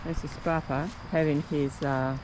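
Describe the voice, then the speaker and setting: A woman's voice: low voice, fairly even intonation, normal speed. A middle-aged Australian woman, a mother filming her family's camping trip, talking in a playful, teasing way by a river. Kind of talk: casual travel vlog chat. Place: outdoor campsite by a river. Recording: noisy outdoor phone recording.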